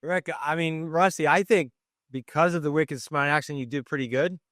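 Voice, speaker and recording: A man's voice: fairly high pitch, normal speed, fairly bright tone, no room sound, studio quality. A man hosting a podcast in casual chat, joking and rambling as he thinks aloud. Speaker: podcast host and coach.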